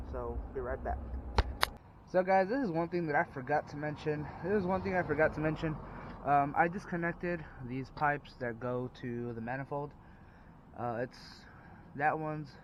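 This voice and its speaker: A man's voice: medium pitch, highs cut off, background noise. A man talking casually through a car repair, rambling with fillers and restarts, recorded outdoors at night while working under the car. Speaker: DIY car repair vlogger. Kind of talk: casual how-to narration.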